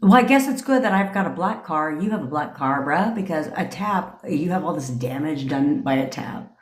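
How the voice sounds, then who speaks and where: A woman in her forties, with a lowish voice, rants through a story for her livestream. She swears freely, talks bluntly and laughs often. Her voice carries a roomy echo. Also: expressive, normal speed. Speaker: manifestation coach. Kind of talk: casual storytelling rant on a livestream.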